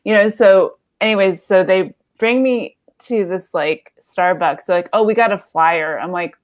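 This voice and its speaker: A woman's voice: mid-range voice, unhurried, hardly any pauses. A woman in her thirties telling a comedy story, rambling and self-deprecating with lots of fillers and laughs.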